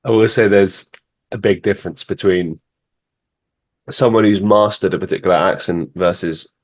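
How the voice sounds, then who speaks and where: A man with a very low, deep voice hosts a podcast in an easygoing chat. He talks thoughtfully, rambling and circling back with restarts as he works through his points. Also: steady tone, moderate pace. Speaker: podcast host. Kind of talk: casual interview chat.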